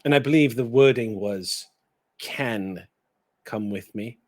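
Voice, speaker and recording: A man voicing a sly, menacing male fallen angel who speaks in a low, soft, wry drawl. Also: slow. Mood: smug menace.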